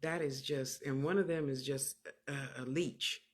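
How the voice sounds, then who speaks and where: Her very deep voice moves a little slowly as she, a clairvoyant medium, delivers casual livestream readings. She comes across as emphatic, animated, sassy, and motherly, repeating phrases often for emphasis.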